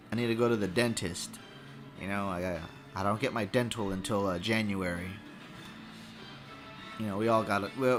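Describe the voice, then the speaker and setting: Profane rambling man, bright voice. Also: mid-range voice. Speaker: podcast host. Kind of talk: comedic food review monologue.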